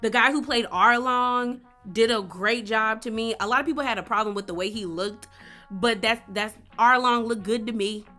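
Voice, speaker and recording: A woman's voice: on the high side, moderate pace, soft background music. A young woman talking casually and emphatically as a vlogger, reviewing a series. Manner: animated, emphatic, slangy.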